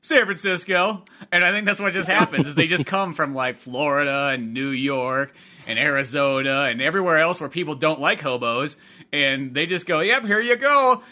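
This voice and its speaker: A man telling stories as a podcast guest in casual chat, animated, swearing and full of "like". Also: mid-range voice, a little fast.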